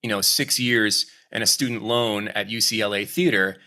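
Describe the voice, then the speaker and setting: Man, bright forceful tone, lowish pitch, animated casual interview talk. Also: normal speed. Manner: animated, acts out quoted voices. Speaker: voice actor guest; acting coach.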